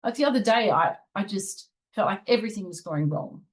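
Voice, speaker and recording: A woman in a casual spiritual talk, at a middle pitch for a woman. She speaks earnestly and shares personal stories in a confiding way. She gets animated when she recalls the moments that frustrated her. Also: a little fast, rough recording. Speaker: spiritual channel host. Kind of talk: casual spiritual commentary and book reading.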